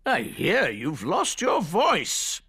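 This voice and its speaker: An actor playing a calm, dry-witted male bear doctor in a cartoon, with an unhurried bedside manner. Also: fairly high pitch, creaky, heavily acted.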